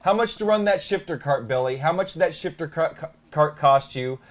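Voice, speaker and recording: A man co-hosting a live stream, chatting casually and teasing his co-host, quick to laugh. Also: on the high side, lively intonation.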